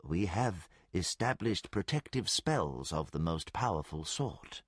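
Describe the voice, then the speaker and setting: A man's voice: sits low, lively intonation, measured pace, no echo, studio quality, pitched below the performer's own voice. A man voicing a formal old priest speaking in grave, solemn sentences.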